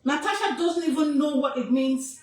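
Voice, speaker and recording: A woman's voice: high voice, normal speed, darkish tone, roomy sound, far from the mic, poor audio. A woman with a Nigerian accent, an activist making an impassioned, scolding statement with emphatic repetition.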